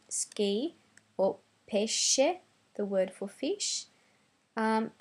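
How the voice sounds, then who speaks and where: Woman, language teacher, very slow careful delivery, repeats words for contrast, pauses with um. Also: on the high side. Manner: deliberate, repeats words in contrast, frequent "um" fillers. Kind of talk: slow pronunciation lesson.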